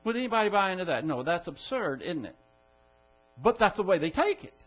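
A man's voice: high-pitched, very animated, brisk, lo-fi sound. A man teaching a Bible study to a class, emphatic and full of rhetorical questions. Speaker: pastor.

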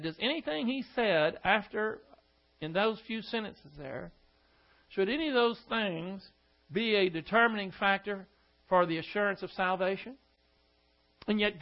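A man preaching a sermon, firing rhetorical questions at his listeners and dropping scornful asides. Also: high voice. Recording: dull lo-fi recording.

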